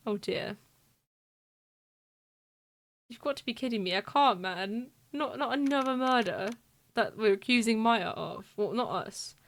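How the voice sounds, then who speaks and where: Excitable high-voiced woman streamer. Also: moderate pace. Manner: excitable, chatty, laughs often. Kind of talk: live game playthrough commentary.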